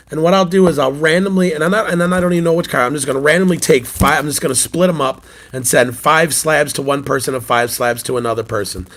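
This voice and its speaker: Here the forties-aged host, a youth coach and sports-card collector, has a mid-range, slightly bright voice. On his casual morning channel chat he tells a family story in a talkative way, laughing frequently and coughing again and again.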